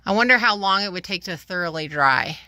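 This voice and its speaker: A woman's voice: lowish voice, expressive, fairly quick, bright, forceful tone. A woman vlogging casually from her homestead, chatting to the camera about small projects. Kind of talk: casual vlog chat. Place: tiny home and yard on a rural homestead.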